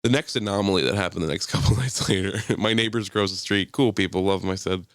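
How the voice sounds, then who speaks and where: A man's voice: sits low, fast talker, no echo, studio quality. A young man telling a story on a podcast in a casual, profane way, laughing often and acting out other people's voices. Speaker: podcast host.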